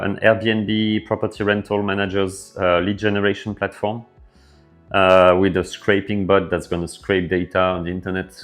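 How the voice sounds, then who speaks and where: A man with a French accent, hosting a casual developer livestream and answering viewer questions in a relaxed way with lots of fillers. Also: deep voice. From France. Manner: relaxed, filler-heavy, thinking aloud. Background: faint background music.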